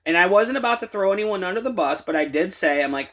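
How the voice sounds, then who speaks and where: A man casually telling a work story for a vlog, animated and acting out the dialogue. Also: high-pitched, fast, hardly any pauses. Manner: animated, retelling with quoted dialogue.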